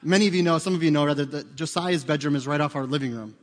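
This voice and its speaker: A man in his forties, a pastor preaching a sermon in a church, telling stories conversationally and getting loud and excited to make a point. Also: on the high side, quick pace. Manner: conversational storytelling, rising loud and excited for emphasis. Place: church sanctuary. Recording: long hall reverb.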